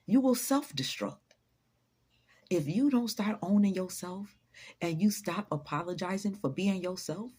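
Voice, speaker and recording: Husky-voiced woman preaching self-motivation. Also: deep voice, warm tone. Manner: emphatic, preachy, swears freely; repeats lines for emphasis, laughs often. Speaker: motivational vlogger. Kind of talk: motivational talk to camera.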